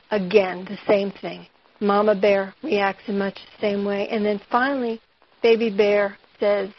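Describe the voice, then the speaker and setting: A woman's voice: fairly high pitch, highs cut off. A woman teaching a writing lesson, asking her students questions and retelling a fairy tale to show them craft. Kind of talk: lecture on fiction writing.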